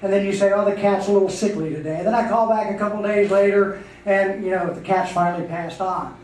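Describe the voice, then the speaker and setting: A man voicing a heartbroken man scolding his friend over a dead cat, in a pleading, exasperated voice that climbs high. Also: fairly even intonation, fairly quick, a little mellow, natural voice. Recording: echoey room from far off.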